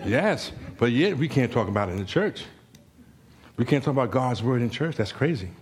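A man preaching a sermon in a church, telling a story with humor and rising, animated exclamations. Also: mid-range voice, fairly quick, slightly rough.

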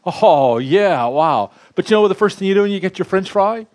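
A man preaching a sermon in a lively, conversational way, with asides to the congregation. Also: high voice, fairly quick. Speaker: pastor.

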